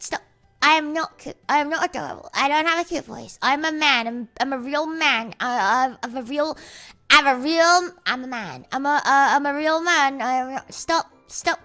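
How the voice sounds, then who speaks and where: Playful high-voiced young woman streamer. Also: moderate pace, pushed and bright, faint music behind. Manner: playful, exaggerated, swears freely. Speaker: livestreamer. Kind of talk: casual stream chat.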